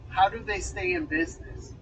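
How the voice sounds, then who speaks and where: A man with a high voice rants in exasperation, cursing freely and breaking into laughter. He sounds set back from the mic on a dull, lo-fi recording, with faint road noise behind him. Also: normal speed, fairly bright tone, distant mic. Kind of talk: casual profane rant.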